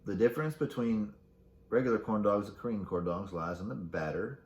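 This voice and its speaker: A man with a fairly low voice runs a casual solo podcast, reading out facts and throwing in crude jokes. His voice bounces around an echoey room. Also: fairly quick, darkish tone, lo-fi sound. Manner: crude joking while reading facts aloud. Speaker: podcast host.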